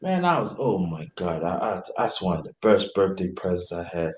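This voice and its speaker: A man's voice: low-pitched, very animated, moderate pace, darkish tone. A man from New York telling a loose, profane story in casual chat and slipping into quoted voices. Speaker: host. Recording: roomy echo.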